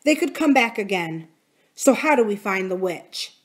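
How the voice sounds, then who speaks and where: A woman's voice: mid-range voice, big pitch swings, moderate pace. A woman voicing a brave young girl who leads the others and speaks firmly and reassuringly in a storybook reading. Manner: firm and reassuring.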